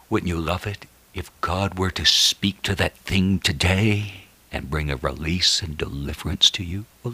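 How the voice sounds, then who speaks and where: A man's voice: low voice, sharp tone, husky, dry recording. A man preaching a sermon and praying, with an earnest, prayerful delivery.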